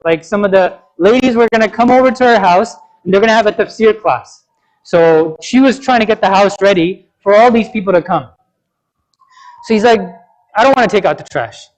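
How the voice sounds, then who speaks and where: High-voiced man telling a sermon story. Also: moderate pace, rough recording. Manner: conversational, tells a story with frequent "right?" and "you know". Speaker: preacher. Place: mosque.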